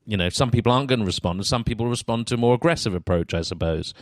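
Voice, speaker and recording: A man's voice: mid-range voice, rapid-fire, dry recording, clean studio sound. A man hosting an interview, thinking aloud with many fillers and restarts as he asks his questions. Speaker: podcast host. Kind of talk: casual interview chat.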